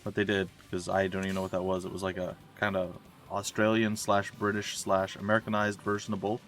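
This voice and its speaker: A man streams his gameplay from home in a low, monotone, somewhat bright voice, talking briskly over faint music. He's chatty and self-mocking, joking around and drifting off into side stories.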